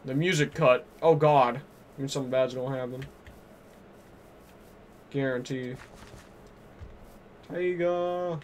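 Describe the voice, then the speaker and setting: A man streaming a game live, chatting excitably, muttering to himself and to his chat. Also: mid-range voice, a little slow, long pauses, a little hiss or hum. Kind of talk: live gameplay commentary.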